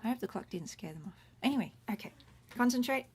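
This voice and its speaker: Woman, middle-aged, gravelly edge, casual home livestream, faint room noise. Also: a little high, expressive, fast talker. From Australia. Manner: chatty, self-interrupting, explains words one by one. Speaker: Latin teacher.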